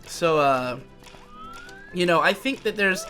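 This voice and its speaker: A man's voice: high-pitched, animated, takes it slowly, music in the background. A young man co-hosting a podcast, chatting casually while playing a game and thinking aloud with many restarts. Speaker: podcast co-host. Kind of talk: casual chat while gaming.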